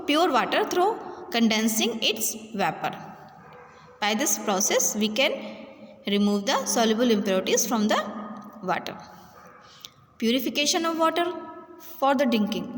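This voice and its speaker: A woman teacher with an Indian English accent giving a class lecture, halting and repeating herself as she explains. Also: high-pitched, a bit bright. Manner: halting, restarts and repeats words while explaining. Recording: roomy echo with long reverb, faint ambience.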